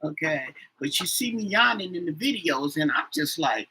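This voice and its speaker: A woman's voice: fairly low pitch, big pitch swings, normal speed, hardly any pauses, sharp tone, husky, rough recording. A woman tarot reader chatting casually on a live stream, rambling with many fillers and yawning often.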